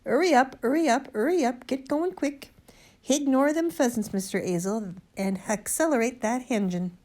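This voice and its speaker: A woman's voice: mid-range voice, lively intonation, moderate pace, dark tone, close to an everyday voice. A woman reading a storybook, voicing a crafty country police sergeant who drops his h's and barks orders. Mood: sly commanding.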